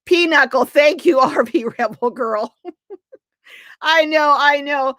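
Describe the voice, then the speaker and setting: An older woman hosting a casual live stream, chatting warmly and reading out viewers' comments and greetings. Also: high voice, slow pace, dry recording.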